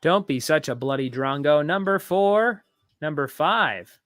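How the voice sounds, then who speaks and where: A man hosting a live trivia show, reading each question slowly and repeating it, with joking asides between. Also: a little high, lively intonation, fairly bright tone, dry recording, clean studio sound, faint music behind. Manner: reads each question slowly twice, jokes and rambles between. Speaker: trivia host.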